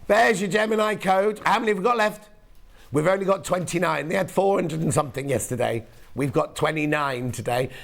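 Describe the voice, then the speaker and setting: Hoarse male shopping presenter, gravelly, slightly high, chatty and self-mocking. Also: brisk. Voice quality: croaky, gravelly. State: hoarse, losing his voice. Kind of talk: live sales presenting.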